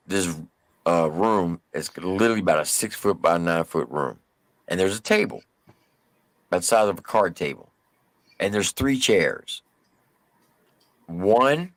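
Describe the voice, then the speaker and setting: A man co-hosting a live stream, telling a story casually with drawn-out emphasis and mild cursing. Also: lowish voice, a bit bright, dry recording.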